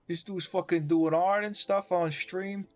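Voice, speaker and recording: Guy doing a loud cussing brooklyn tough guy, brooklyn accent, sounds mad and pushy, voice pitched up. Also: fairly even intonation, unhurried, soft background music. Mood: mocking. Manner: aggressive, yelling, foul-mouthed. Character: brash swearing male Brooklyn tough guy.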